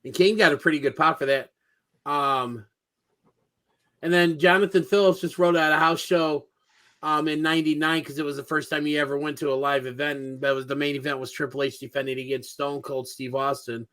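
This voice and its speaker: A man co-hosting a casual podcast, reading out listener answers in a relaxed, halting way with many fillers. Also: a little high. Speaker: podcast co-host.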